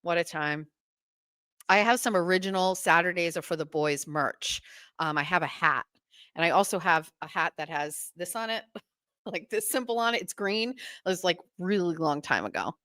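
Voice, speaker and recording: A woman hosting a podcast, chatting casually in a gossipy, animated way. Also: on the low side, moderate pace, no room sound. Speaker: podcast host. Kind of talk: casual chat.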